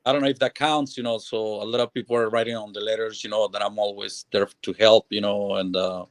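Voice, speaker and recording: A man talking earnestly and haltingly on a radio show. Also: fairly low pitch, fairly even intonation, no room sound. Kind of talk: casual talk radio chat. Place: talk radio studio.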